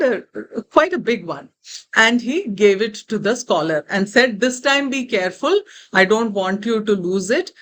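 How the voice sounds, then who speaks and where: A woman with an Indian accent retelling a spiritual parable in a lively way, with asides. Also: medium pitch, a little hiss or hum. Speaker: spiritual teacher. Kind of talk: storytelling in a spiritual talk.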